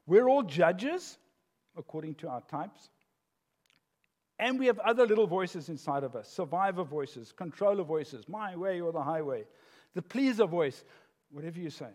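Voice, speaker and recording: An older man preaching a sermon as pastor, an animated storyteller who laughs at his own jokes. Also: a little high. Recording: long hall reverb.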